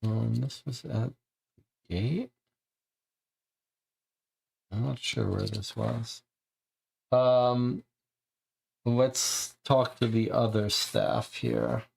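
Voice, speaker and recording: Male streamer, gravelly and slow; casual, halting let's-play commentary. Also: mid-range voice, fairly even intonation, darkish tone. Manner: thinking aloud, hesitant, halting. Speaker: streamer playing a mystery game.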